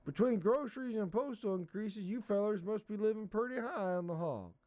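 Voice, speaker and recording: A man's voice: high-pitched, lively intonation, fairly quick, darkish tone, voice pushed up. Man doing a folksy old hillbilly. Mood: nosy.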